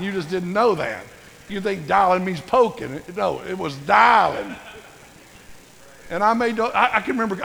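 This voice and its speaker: A man's voice: high-pitched, creaky, fairly bright tone, long reverb tail, poor audio. An older man, preaching a sermon in a folksy, self-mocking storytelling manner. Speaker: pastor.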